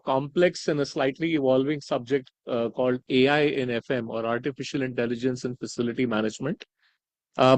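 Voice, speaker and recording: A man's voice: medium pitch, no room sound, poor audio. Man giving a conference keynote. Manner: conversational, frequent "right?" tags and "uh" fillers. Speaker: conference speaker. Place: conference hall.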